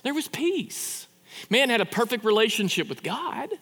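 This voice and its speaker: A man preaching a sermon in a conversational, animated way, full of rhetorical questions and quick restarts. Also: very high-pitched, in a large hall. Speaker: pastor.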